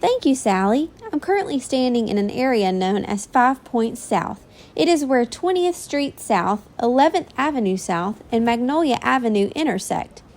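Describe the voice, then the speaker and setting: A woman voicing a courteous AI helper with a slightly high voice. She reports in an earnest, informative way. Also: expressive, normal speed, a little mellow. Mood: polite. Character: polite AI assistant reporter, female.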